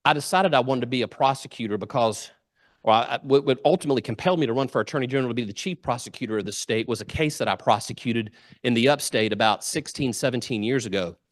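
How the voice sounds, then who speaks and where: A man's voice: mid-range voice, quick pace, dry recording, studio quality. A middle-aged man, giving a humorous storytelling speech and acting out the quotes. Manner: lively anecdotal storyteller, acts out quotes. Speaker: guest speaker. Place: club meeting room.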